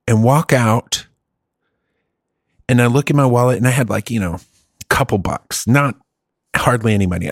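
A man's voice: mid-range voice, creaky, dry recording, clean studio sound. A middle-aged man telling a long story in a casual chat, rambling, swearing and laughing often.

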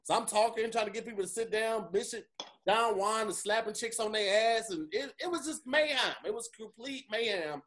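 A man's voice: high-pitched, brisk. Man telling a comedy-club story. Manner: animated storytelling. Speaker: comedian, podcast co-host. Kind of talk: casual chat.

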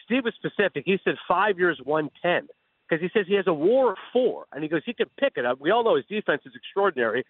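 Fast-talking man on a tinny phone line. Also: high voice, dry recording. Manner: animated, acts out imagined dialogue. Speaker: phone-in sports analyst guest. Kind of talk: sports radio talk.

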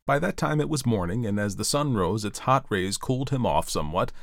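A man reading a storybook aloud, expressive and playful, with chatty asides to the listener. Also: on the low side, brisk, vocal fry, no room sound, clean studio sound.

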